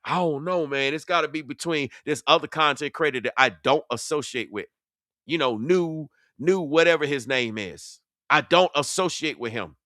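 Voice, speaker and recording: Heated man roasting his rivals, sharp edgy voice, slightly high, dry close mic. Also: normal speed, dry recording. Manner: confrontational, preachy, mocking. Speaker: online commentator. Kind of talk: heated reaction commentary.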